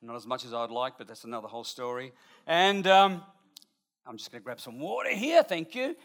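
A middle-aged man, telling a lively, chatty anecdote to an audience with asides along the way. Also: medium pitch, a little fast. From Australia. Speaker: storyteller.

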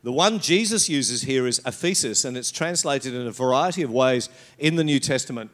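A middle-aged male pastor preaching a sermon, animated and conversational, with mocking quoted asides. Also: medium pitch, moderate pace.

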